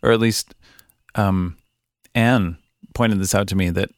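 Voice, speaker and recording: Low-voiced Canadian man hosting a podcast. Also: unhurried, dry recording, clean studio sound. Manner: relaxed, chatty, with frequent ums and laughs. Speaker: podcast host. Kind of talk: casual podcast interview.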